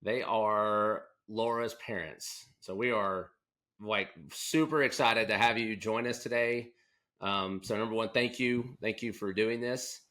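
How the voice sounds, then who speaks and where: Low-voiced man interviewing guests. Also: measured pace, fairly bright tone. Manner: conversational, rambling with restarts. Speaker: podcast co-host, doctor. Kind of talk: casual podcast interview.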